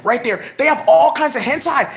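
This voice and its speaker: Brief: higher-voiced woman, rambling vlog rant, erratic and profane. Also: expressive, normal speed. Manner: erratic, profane, with sudden loud exclamations. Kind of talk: rambling monologue.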